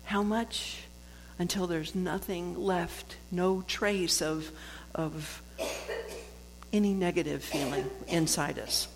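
Gravelly low-voiced woman in a reverberant hall. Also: fairly even intonation, slow. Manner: conversational, laughs often, frequent restarts. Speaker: speaker sharing a book's lessons on forgiveness. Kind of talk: reflective spiritual talk. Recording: long hall reverb with faint noise.

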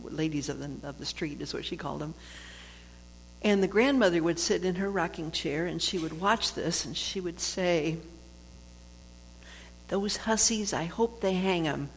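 Gravelly low-voiced woman in a reverberant hall. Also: normal speed. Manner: conversational, laughs often, frequent restarts. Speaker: speaker sharing a book's lessons on forgiveness. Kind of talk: reflective spiritual talk. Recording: long hall reverb with faint noise.

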